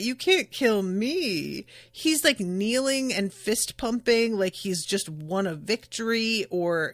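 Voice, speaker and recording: A woman's voice: fairly high pitch, a bit bright, no room sound, studio quality. A woman podcast host chattily recapping an anime episode, with lots of fillers. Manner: chatty, enthusiastic, many fillers.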